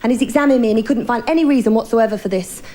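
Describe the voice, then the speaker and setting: A woman's voice: on the high side, very fast, warm tone. A woman performing a bawdy, confiding stand-up routine, talking directly to the audience. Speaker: stand-up comedian.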